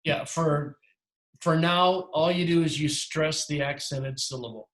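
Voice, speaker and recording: A man's voice: fairly high pitch, steady tone, slow pace, long pauses, a bit bright, reverberant. A man teaching a language class, explaining at length with frequent restarts and self-corrections. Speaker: Greek teacher. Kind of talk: lecturing in a class.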